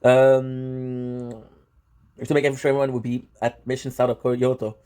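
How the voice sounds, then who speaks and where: A man giving casual, excitable reaction commentary on a manga, swearing often and full of fillers and restarts. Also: mid-range voice, a little slow, smooth. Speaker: manga reviewer.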